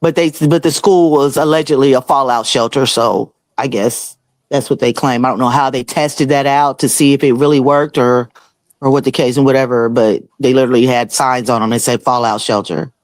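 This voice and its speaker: A man chatting casually on a stream, relaxed and laughing between thoughts. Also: medium pitch, moderate pace, no echo. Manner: relaxed, laughs often, trails off. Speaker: guest on stream. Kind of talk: casual chat.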